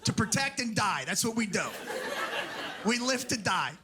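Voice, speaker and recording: A man doing a stand-up comedy set, brash and profane, mocking and shouting for punchlines. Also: high voice, expressive, normal speed, background noise. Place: comedy club stage with a laughing audience. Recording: live club recording with audible crowd ambience.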